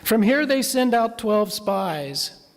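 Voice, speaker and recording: A man's voice: high voice, sing-song, takes it slowly, creaky. A male minister preaching a sermon, telling a story in a conversational way and putting questions to the congregation. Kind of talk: sermon with map. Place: church hall. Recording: long reverb of a church hall.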